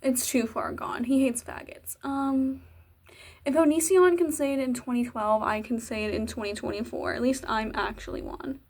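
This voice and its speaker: Doing her makeup in a casual get-ready-with-me chat, a young Virginia vlogger talks in a slightly high voice with a darkish tone. Chatty and self-mocking, she rambles along over slight background noise.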